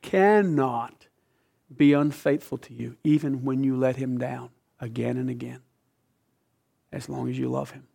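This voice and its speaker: In an unhurried, fairly even delivery, a man with a mid-range voice, vocal fry and a breathy edge preaches emphatically. Loud passages give way to hushed whispers, and he questions listeners as a teacher might.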